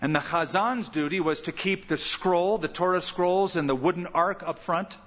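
A male pastor preaching a sermon with lively delivery, acting out the lines he quotes. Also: sits high, normal speed. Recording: muffled sound with long hall reverb.

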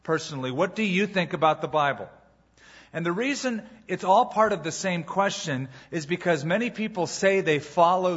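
A man preaching a sermon as pastor, telling a story with dramatic pauses before moving into his teaching. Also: fairly high pitch, breathy edge, dull audio.

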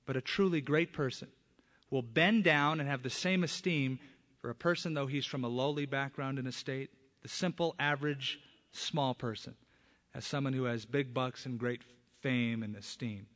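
A man preaching a sermon as pastor, speaking emphatically and punching up key words with loud stresses. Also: mid-range voice, normal speed. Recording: long hall reverb.

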